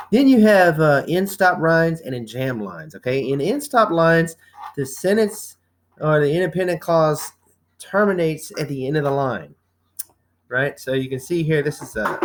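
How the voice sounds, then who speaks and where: A man's voice: fairly high pitch, slight background noise. A man teaching a recorded slide lecture at home, casual and chatty, reading examples aloud. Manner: casual, chatty, with asides to a child.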